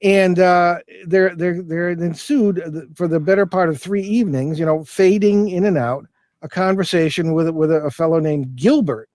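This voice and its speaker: A man's voice: high-pitched, moderate pace, darkish tone, no echo. An older man, a guest in an interview, telling a long anecdote in a loose, rambling way with many restarts and fillers. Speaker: guest, paranormal investigator. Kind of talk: casual storytelling interview.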